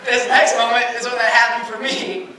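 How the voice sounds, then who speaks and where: A man's voice: extremely high pitch, level tone, normal speed. A young man performing a stand-up comedy set, telling a family story and acting out his parents' lines. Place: comedy stage with a laughing audience. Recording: roomy, distant live room with loud noise.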